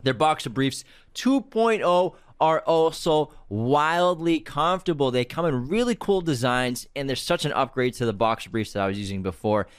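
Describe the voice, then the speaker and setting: Brief: young male co-host, teasing banter, animated intonation. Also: mid-range voice, normal speed, few pauses, smooth. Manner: joking, playful banter. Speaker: podcast co-host. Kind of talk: casual chat with ad reads.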